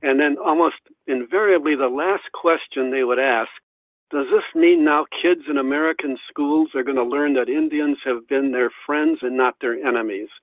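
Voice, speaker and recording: A man's voice: medium pitch, moderate pace, dry recording. Male guest historian, anecdotal storyteller, phone-line sound. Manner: anecdotal, acts out quoted voices. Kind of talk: storytelling in an interview. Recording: dry tinny phone line.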